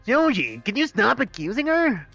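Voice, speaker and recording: Excitable, swearing young man gaming. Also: very high-pitched, moderate pace, gravelly, soft background music. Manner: excitable, swearing, mock-outraged. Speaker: let's play gamer voicing a fan game. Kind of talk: live game playthrough with character voices. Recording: dull, dry close-mic sound.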